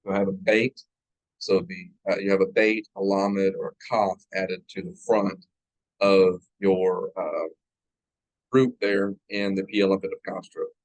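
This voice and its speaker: A man's voice: sits low, steady tone, a little slow, no echo, poor audio. A man teaching a church Hebrew class, drilling verb forms aloud and checking in with his students as he goes. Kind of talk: classroom grammar lecture. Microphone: live class recording.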